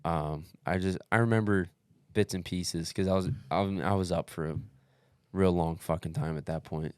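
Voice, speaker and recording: A young man telling a long story in casual podcast chat, animated, swearing constantly and calling everyone "dude". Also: sits low, normal speed, no echo. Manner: profane, animated, says "dude" often. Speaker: podcast guest recounting an ultramarathon.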